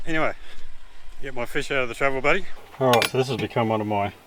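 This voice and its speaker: A man's voice: medium pitch, fast talker, rough recording. A man chatting casually while he cooks lunch outdoors and drives a bush track. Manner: relaxed, chatty, talks while cooking and driving. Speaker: vlogger. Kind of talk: casual vlog narration. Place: outdoors at a bush campsite and in a vehicle.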